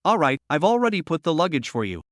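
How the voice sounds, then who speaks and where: A man's voice: fairly high pitch, big pitch swings, fast talker, dry recording. A man voicing a wealthy young man who speaks curtly and mockingly. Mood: cold.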